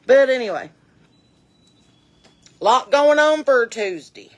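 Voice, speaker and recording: A woman's voice: sits high, lively intonation, takes it slowly. A woman giving a chatty, folksy, rambling comic monologue to camera, outdoors on her porch. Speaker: comedian and musician.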